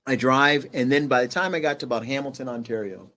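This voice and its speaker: A middle-aged man appears as a guest on an interview show and tells a personal story haltingly, with restarts and fillers. His voice is medium-pitched and drops quieter at the heavy parts.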